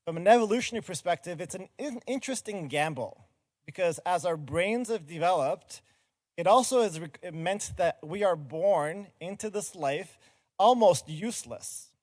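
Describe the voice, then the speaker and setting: A man's voice: high voice, expressive, normal speed, darkish tone, no echo. Earnest man giving a conference talk. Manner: earnest, explanatory, audience-engaging. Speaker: conference speaker. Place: conference stage.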